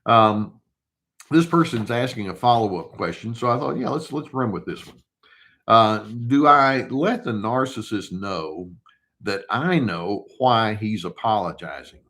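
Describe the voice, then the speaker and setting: An older male therapist giving casual advice, calm and unhurried, who poses rhetorical questions and answers them himself. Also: fairly low pitch. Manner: acts out short quoted replies in a mock tone.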